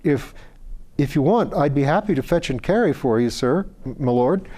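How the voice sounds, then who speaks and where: A man voicing a ragged, humble young beggar who speaks earnestly and a little higher than usual. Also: expressive, normal speed, dark tone. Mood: pleading. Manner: earnest, pleading, slightly raised voice.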